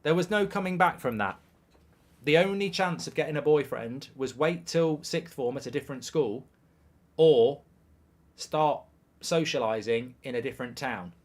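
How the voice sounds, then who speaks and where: A man's voice: medium pitch, moderate pace. A man hosting a live football watchalong, chatting crudely and jokingly, reading out viewer messages and scores.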